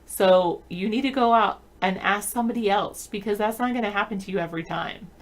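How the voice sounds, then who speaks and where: A woman talks casually as a co-host, trading quick jokes and dating tips. Her voice sits in an ordinary middle range, and she slips into little acted-out quotes as she goes. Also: mid-range voice. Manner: playful, quick to act out quoted lines. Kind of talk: casual dating-advice banter.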